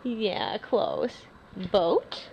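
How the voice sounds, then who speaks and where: A mother reading a picture book to a toddler at home, naming each word slowly and coaxing the child to repeat it. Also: medium pitch, wildly swooping pitch, vocal fry. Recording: noisy home video.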